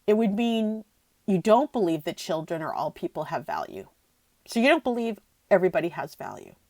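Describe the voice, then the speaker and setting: Middle-aged female podcast host, heartfelt and rambling, lowish voice, dry booth sound. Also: sing-song, a little fast, darkish tone, dry recording. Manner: emotional, gushing, voice catching near tears; rambling with frequent restarts. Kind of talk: emotional solo podcast talk.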